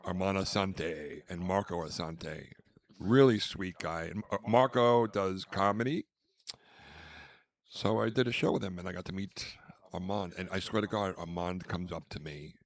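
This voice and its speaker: A deep-voiced man speaking at a moderate pace hosts a podcast, casually telling rambling stories. He drops names and voices the quotes himself.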